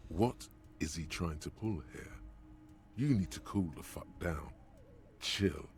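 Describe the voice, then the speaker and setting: The mocking inner narrator of a video game. His voice is extremely deep and unhurried. Each line lands slow and ominous, as if taunting the listener from inside his own head. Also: expressive, a little mellow, slight background noise, exaggerated voice. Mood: scornful. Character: man's mocking inner narrator voice, cruel and knowing.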